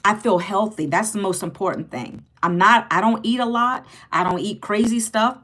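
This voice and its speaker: A woman's voice: mid-range voice, moderate pace, a bit bright. Chatty woman hosting a phone livestream. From Virginia, United States. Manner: chatty, greets viewers by name, repeats herself. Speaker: livestream host. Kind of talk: casual livestream chat reading viewer comments.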